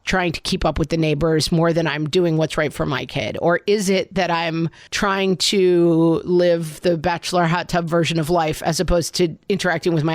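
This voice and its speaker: A woman's voice: on the low side, no echo, studio quality. A woman co-hosting a podcast about motherhood, thinking aloud in casual chat with many "like" fillers.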